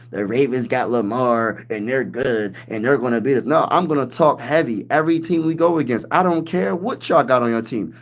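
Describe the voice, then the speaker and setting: A man hosting a casual sports livestream, hyping his team with loud trash talk and reading viewers' comments aloud. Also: medium pitch. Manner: hyped trash talk, reads chat aloud. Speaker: livestream host.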